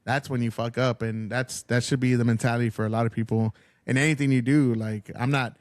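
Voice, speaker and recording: A man's voice: medium pitch, little pitch movement, fairly quick, no echo, studio quality. A man hosting a podcast, chatting loosely, swearing freely and encouraging his guest. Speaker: podcast host. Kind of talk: casual podcast chat.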